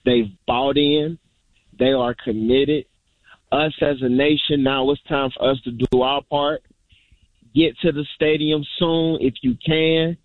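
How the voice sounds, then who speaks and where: A male fan calls in over a thin phone line, speaking slowly and deliberately. He rallies his listeners with repeated phrases in a mid-range voice. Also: fairly high pitch, fairly even intonation, dry recording. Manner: measured, rallying, repeats phrases. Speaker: caller. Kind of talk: fan call-in.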